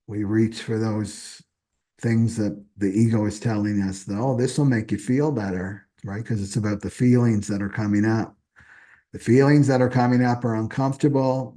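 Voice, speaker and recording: Mellow-voiced man giving a chatty reading. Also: medium pitch. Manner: chatty, repeats himself, often asks "right?". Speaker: astrology reader. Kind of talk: casual live reading.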